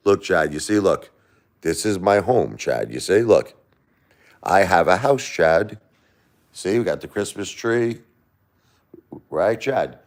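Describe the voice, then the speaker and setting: A low-voiced man with an East Coast accent hosts a live stream from home. He talks emphatically and circles back to the same points, shifting between raised protest and hushed blessings. He has been sick for a few days. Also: animated, slow, pauses often. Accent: East Coast American. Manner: emphatic, repetitive, swings between loud protest and soft blessing. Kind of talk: casual live stream chat. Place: at home by a Christmas tree.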